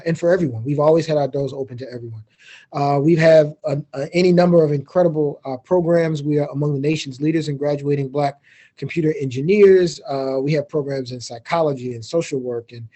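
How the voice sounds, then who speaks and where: A middle-aged man from Chicago talks through a keynote over a video call, loose and self-deprecating as he jokes about his role. His voice sits a little high, with a warm, mellow tone and a husky edge. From Chicago, Illinois. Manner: informal and joking, self-deprecating asides. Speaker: university president giving a keynote. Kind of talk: casual keynote talk. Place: remote, speaking over a video meeting.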